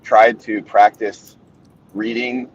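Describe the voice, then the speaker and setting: A man's voice: lowish voice, little pitch movement, takes it slowly. A man in a casual group discussion, easygoing and reflective, chuckling now and then. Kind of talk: casual group video chat. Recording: distant dull mic with faint hiss.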